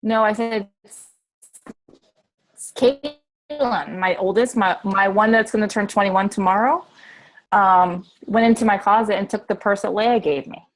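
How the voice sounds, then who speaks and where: A woman's voice: medium pitch, unhurried. An earnest woman in her forties who leads a team and tells her story plainly. She speaks on a casual group video call. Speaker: team leader.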